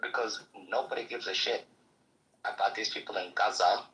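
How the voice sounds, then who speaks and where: Blunt, profane man, low voice. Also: fairly even intonation, normal speed, sharp tone, low-quality recording. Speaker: debate panelist. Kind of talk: heated debate.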